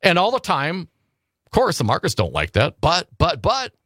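Male radio host, animated and questioning, a bit high-pitched, dry studio sound. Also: normal speed, no echo. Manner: animated, rhetorical questions, repeats himself. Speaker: radio talk show host. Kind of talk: casual political talk radio.

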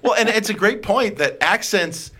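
A man joins a casual chat, swinging his pitch in lively jumps. His voice is bright and sharp, and his remarks are skeptical and teasing. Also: normal speed. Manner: skeptical, playful.

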